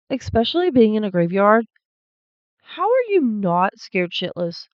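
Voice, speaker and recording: A woman's voice: mid-range voice, big pitch swings, measured pace, no room sound. A woman hosting a channel, reading paranormal stories aloud and breaking in with blunt, swearing asides. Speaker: host. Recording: slightly dull lo-fi recording.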